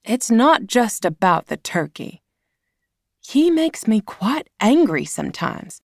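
A woman's voice: fairly high pitch, very animated, slow, creaky, dry recording, studio quality, voice pushed up, full character voice. A woman reading aloud, voicing a worried, exasperated middle-aged mother in a storybook. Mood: upset.

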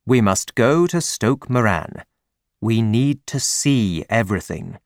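Man playing a cool clever detective, unhurried, lively pitch, dry. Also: dry recording. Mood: calm. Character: calm, clever male detective, dryly ironic.

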